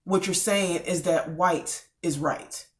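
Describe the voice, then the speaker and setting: A woman's voice: lowish voice, slow, recorded from a distance. Woman co-host telling a story animatedly. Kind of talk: casual chat.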